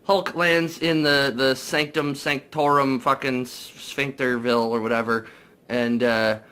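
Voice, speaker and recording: Young dude w a bright voice rambling thru a movie recap, swears a ton, lots of uh and like. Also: male voice, mid-range voice, unhurried, clear, resonant tone. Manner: profane, excitable, many fillers. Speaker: movie reviewer.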